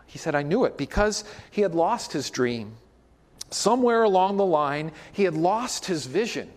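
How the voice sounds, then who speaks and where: Guy preaching in a church, pretty high voice, chatty, keeps asking the room "right?", big hall echo. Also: very animated, moderate pace. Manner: conversational, frequent "right?" asides. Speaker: pastor. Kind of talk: sermon.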